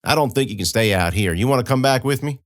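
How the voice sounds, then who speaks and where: A man's voice: medium pitch, expressive, fast talker, no echo, clean studio sound, voice pushed up, lightly acted. A man voicing a tough young rural farm woman, talking in a folksy, coaxing drawl.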